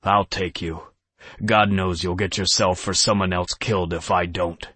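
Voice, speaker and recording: A man doing a gruff deadpan werewolf. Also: sits low, normal speed, no room sound, heavily acted. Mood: grumbling. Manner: terse, dry deadpan replies. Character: gruff blunt male werewolf friend.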